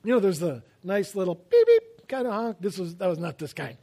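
A man preaching a sermon, telling stories with self-deprecating humor and swinging between loud emphasis and quiet asides. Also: high-pitched, big pitch swings, fairly quick, hardly any pauses. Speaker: pastor.

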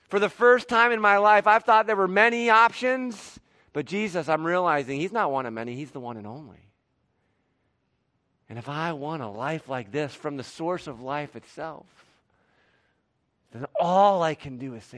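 A man preaching a sermon and leading a closing prayer in a church, swinging from hushed, soft lines to loud, emphatic declarations. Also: fairly high pitch, normal speed, dry recording, clean studio sound. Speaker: pastor. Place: church sanctuary.

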